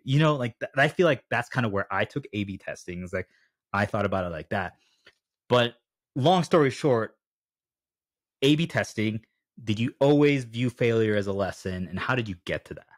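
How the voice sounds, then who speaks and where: A man's voice: mid-range voice, expressive, fairly quick, no room sound, clean studio sound. A young man hosting a podcast interview, asking long rambling questions and acting out little quoted exchanges. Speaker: podcast host. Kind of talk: conversational interview.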